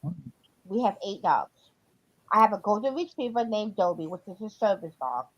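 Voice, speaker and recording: A woman's voice: mid-range voice, sing-song, a little fast. A woman chatting casually on a livestream, rambling a bit with fillers as she tells dog stories. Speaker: livestream co-host. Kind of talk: casual chat. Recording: dull lo-fi audio.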